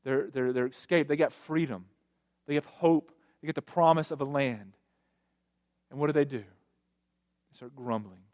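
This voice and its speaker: A male pastor preaching a sermon, emphatic, with sweeping rises in pitch and loudness and repeated phrases for effect. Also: a little slow, long pauses.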